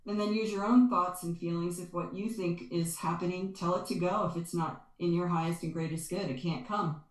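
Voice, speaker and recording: This guest, a spiritual energy healer, talks in a brisk, lowish voice with a steady tone, explaining and telling stories in conversational interview fashion. She's earnest and expressive, repeating words to stress them, and her voice echoes around the room.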